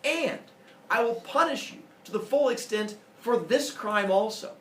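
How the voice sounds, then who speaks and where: A man voicing a stern older male judge who lectures in a booming, emphatic way. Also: lively intonation, unhurried, slight background noise. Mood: forceful. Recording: echoey room, voice from far off.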